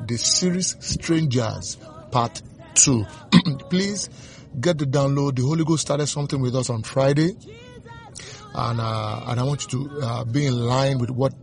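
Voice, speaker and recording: A man preaching a sermon, slow and fervent, repeating refrains and reading scripture aloud. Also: medium pitch, creaky, a little mellow.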